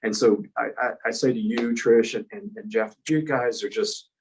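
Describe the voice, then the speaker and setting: A man's voice: lowish voice, steady tone, moderate pace, slight background noise, low-quality recording. A man guest speaker and author telling personal stories in an earnest, rambling way, with frequent restarts. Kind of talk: conversational storytelling.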